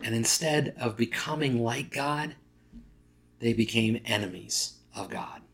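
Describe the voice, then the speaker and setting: A man's voice: mid-range voice, a little slow, gravelly, a bit bright. A male pastor giving a conversational, emphatic sermon, often restarting phrases.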